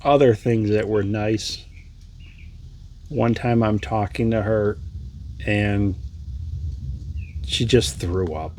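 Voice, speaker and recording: Slow, low-voiced man telling a story. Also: a little hiss or hum. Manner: reflective, halting, with restarts and soft laughs. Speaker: vlogger. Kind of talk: casual storytelling.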